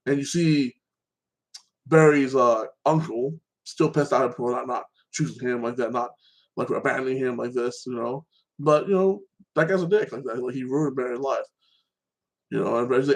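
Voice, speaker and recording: A man's voice: medium pitch, normal speed, poor audio. A man hosting a casual solo chat, rambling through TV episode recaps and filling his talk with "like that" and "you know". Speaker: show host.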